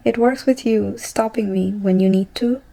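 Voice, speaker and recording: A woman voicing an intense, brooding young male love interest, murmured low in her own gravelly, mellow voice. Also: fairly even intonation, moderate pace, low-quality recording.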